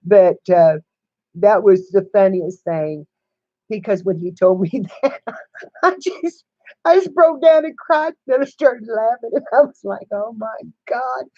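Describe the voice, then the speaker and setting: A woman's voice: mid-range voice, a little slow, mellow, no room sound, muffled recording. An older woman hosting a casual livestream chat from home, telling stories, laughing often and greeting viewers as they come in. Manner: chatty storyteller who greets viewers mid-story and laughs a lot. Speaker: channel host. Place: home room with sewing setup.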